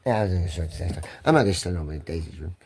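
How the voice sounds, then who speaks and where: A man's voice: sits low, animated, racing, darkish tone, husky. A man hosting a casual chat, teasing his co-host and swearing freely as he laughs his way through a story. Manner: profane, laughing often.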